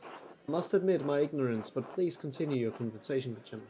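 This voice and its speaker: A man's voice: mid-range voice, expressive, fast, warm tone, slight background noise. A man playing a game with a friend, reading character lines aloud in a mock-formal tone. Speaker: co-player. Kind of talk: casual game playthrough chat, reading dialogue aloud.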